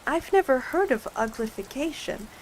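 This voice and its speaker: A woman voicing a curious, polite young girl in a storybook reading, asking questions brightly. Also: high voice, lively intonation, moderate pace, slight background noise, pitched above the performer's own voice, low-quality recording.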